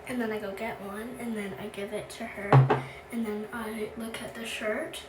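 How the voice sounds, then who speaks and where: A young female vlogger tells a story while getting ready for bed, moving from the bathroom to the bedroom at home. She's chatty, says "like" constantly, and quotes her friends' dialogue, speaking at medium pitch with little variation and a normal pace. The audio is distant and echoey, with background noise.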